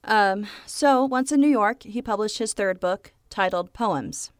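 A woman's voice: medium pitch, measured pace, no room sound. Female podcast co-host, reads notes casually with a giggle, dry mic. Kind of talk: reading notes in casual chat.

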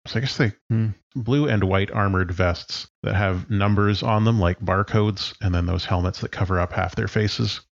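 Casting note: a deep-voiced male game master, relaxed and descriptive, dry close mic. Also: creaky, dry recording, muffled recording. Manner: relaxed, descriptive, with frequent fillers. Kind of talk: narrating a tabletop game.

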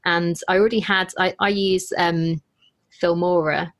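Chatty woman, low voice. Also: steady tone, measured pace, no room sound. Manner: chatty, self-deprecating, with frequent restarts and quoted asides. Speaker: podcaster and business owner. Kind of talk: casual interview chat.

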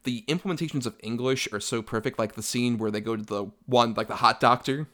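Fast-talking man gushing about a film. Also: mid-range voice, a bit bright. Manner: fast, filler-heavy, acts out quotes. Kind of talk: casual film discussion.

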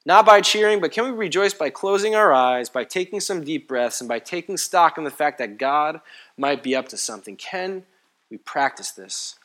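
Passionate pastor, man, hushed to loud. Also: a little high, animated, moderate pace. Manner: swings between hushed and loud passionate delivery; repetitive emphatic phrasing. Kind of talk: sermon. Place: church.

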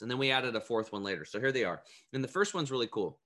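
A man talking as a health coach, telling animated stories in casual chat and acting out the voices he quotes. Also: mid-range voice, fast talker, hardly any pauses.

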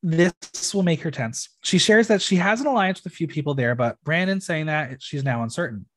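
A man hosting a casual podcast, recapping a reality show in an opinionated, expressive way and swearing freely. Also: a little high, moderate pace.

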